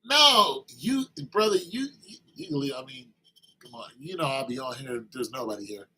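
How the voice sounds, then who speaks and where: A man's voice: medium pitch, animated, normal speed, bright, forceful tone, a little hiss or hum, low-quality recording. A man vlogging a rambling, teasing comic monologue that turns to preachy advice.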